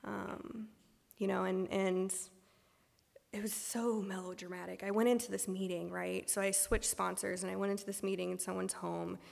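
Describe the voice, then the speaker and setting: Creaky-voiced woman sharing her story in a hall. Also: mid-range voice, level tone, normal speed, darkish tone. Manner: candid and self-deprecating, many ums and restarts. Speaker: speaker sharing her recovery story at a meeting. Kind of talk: personal testimony talk.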